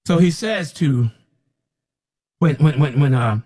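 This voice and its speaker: Husky guy preaching, kinda high voice, scolding and blunt, rambles and repeats stuff. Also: lively intonation, slow, darkish tone. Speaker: self-described prophet. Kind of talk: preaching to camera.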